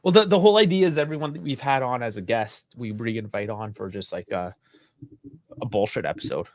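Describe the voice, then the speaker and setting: A man co-hosting a casual sports live stream, relaxed and laughing often, on a close mic. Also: medium pitch, a little fast, no echo. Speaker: podcast co-host.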